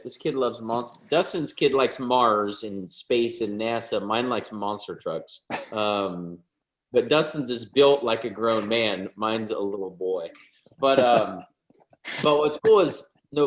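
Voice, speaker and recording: Chatty guy from the us, joking sales pitch, video call mic. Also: reverberant.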